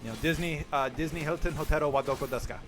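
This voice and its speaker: A man in his forties streaming a game, chatting casually and telling jokey, animated stories. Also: fairly high pitch, quick pace, music in the background. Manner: joking, animated storytelling. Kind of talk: casual chat while gaming.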